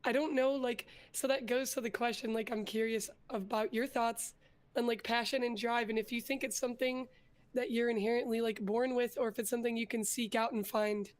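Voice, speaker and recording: Young woman guest chatting in an interview, kinda high voice, earnest, lots of likes and ums. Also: fairly quick. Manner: earnest storytelling, growing more energetic. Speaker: interview guest, vtuber and artist. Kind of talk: casual interview chat.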